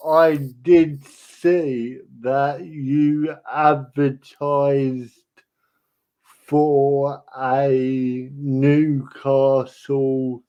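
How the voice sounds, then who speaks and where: A man hosting a casual chat, talking slowly and deliberately, often in short replies. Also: mid-range voice, dark tone, lo-fi sound. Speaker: host.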